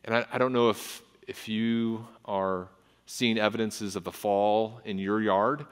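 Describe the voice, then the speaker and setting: A pastor preaching a sermon in earnest, with frequent repetitions and restarts, and his pitch and force rise when he reads scripture. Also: fairly even intonation, unhurried, clear, resonant tone. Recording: long hall reverb.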